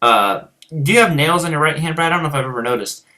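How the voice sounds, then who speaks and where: Rural-accented American man, bright tone, loose rambling live-stream chat as a guitar teacher. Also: fairly high pitch, animated, fast talker. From United States. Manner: rambling, many fillers and restarts. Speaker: guitar teacher and show host. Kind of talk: casual chat answering viewers.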